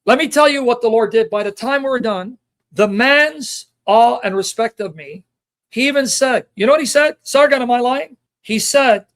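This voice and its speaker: A man recounting a debate in an emotional personal reflection, impassioned and repetitive, dropping from loud emphasis to hushed near-whispers and acting out quoted dialogue in his own voice. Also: very high voice, moderate pace. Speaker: Christian apologist recounting a debate.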